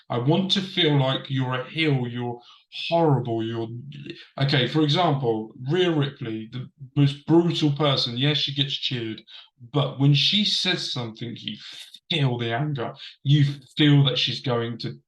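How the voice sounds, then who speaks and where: A man's voice: mid-range voice, a bit bright, reverberant, rough recording. A man hosting a casual wrestling review show, chatting straight to camera from a desk and repeating himself for emphasis. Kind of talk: casual commentary. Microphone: desk camera setup.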